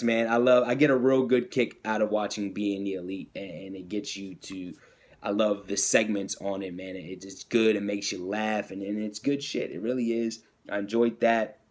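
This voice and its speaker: A male podcast host enthusiastically recaps wrestling in a casual chat full of fillers and restarts, acting out quotes in a higher voice.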